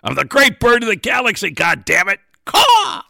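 A man's voice: sits high, wildly swooping pitch, moderate pace, gravelly, no room sound, studio quality, pitched above the performer's own voice, full character voice. A man squawking as a cranky bird-god. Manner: squawks and shouts impatiently.

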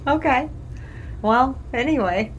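A woman's voice: sits high, expressive, slow, lo-fi sound, slight background noise. A woman from Illinois co-hosting a podcast, chatty and teasing in casual conversation. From Alton, Illinois. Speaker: podcast co-host. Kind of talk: casual chat.

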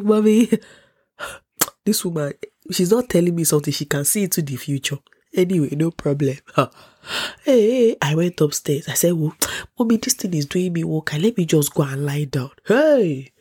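A young Nigerian woman vlogger, congested with a cold, tells a dramatic personal story, acting out the people in it in a raised voice and laughing often. Her voice is low, darkish and slightly rough, delivered briskly in a dry, clean studio recording.

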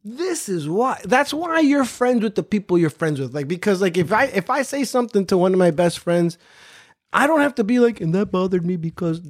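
A man hosting a podcast, telling a casual, profane story and repeating phrases for emphasis. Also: sits high. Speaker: podcast host.

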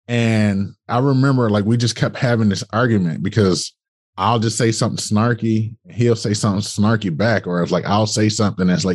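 Brief: young male podcast guest, low husky voice, casual profane storyteller. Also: normal speed. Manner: animated, colloquial, swearing, acts out dialogue.

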